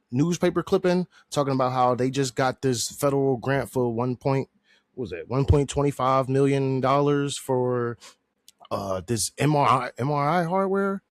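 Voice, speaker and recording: A man's voice: mid-range voice, darkish tone, no echo, studio quality. A man hosting a podcast, chatting casually and rambling, joking and laughing often. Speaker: podcast host reviewing a movie. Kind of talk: casual slangy chat.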